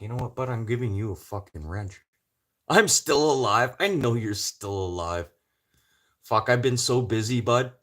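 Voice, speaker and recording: Foul-mouthed deep-voiced man streaming. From Canada. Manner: profane, rambling, loud bursts. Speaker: livestream host. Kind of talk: casual livestream chat.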